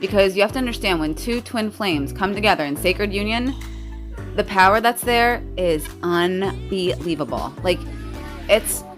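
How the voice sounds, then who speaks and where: A woman's voice: medium pitch, expressive, moderate pace, soft background music. A young woman talking casually and at length to her viewers, rambling with many fillers while she smokes. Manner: chatty, rambling, many likes and you guys. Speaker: spiritual vlogger. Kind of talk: casual confessional monologue.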